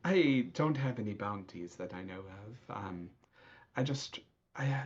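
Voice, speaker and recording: A man voicing an easygoing halfling woman sailor for hire, who speaks in a hesitant, halting way. The recording is dull and lo-fi. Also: fairly low pitch, expressive, breathy edge. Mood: casual, candid.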